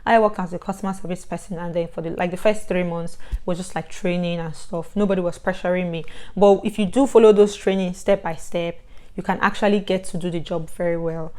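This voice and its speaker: Lively Nigerian woman vlogging. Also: lowish voice, a little fast. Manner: chatty and animated, with sudden loud bursts and laughs. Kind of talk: casual advice vlog.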